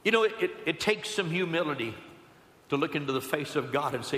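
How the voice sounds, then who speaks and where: A man preaching a sermon in a church, building to loud emphatic calls and dropping to soft low asides. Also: animated, fairly quick, roomy sound, in a large hall, a little hiss or hum. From Southern California. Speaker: pastor. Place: church building on a Sunday morning.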